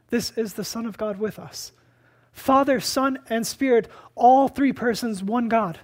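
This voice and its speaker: Emphatic preacher swinging hushed to loud. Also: mid-range voice. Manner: asks and answers rhetorical questions. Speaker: pastor. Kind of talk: sermon.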